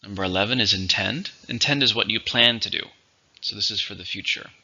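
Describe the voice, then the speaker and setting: Man, vocabulary teacher, gravelly and husky, bright edge, deliberate model pronunciations, dull lo-fi sound. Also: lowish voice. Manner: slow, deliberate, model pronunciations and example sentences. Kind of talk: English vocabulary lesson. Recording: dull lo-fi recording.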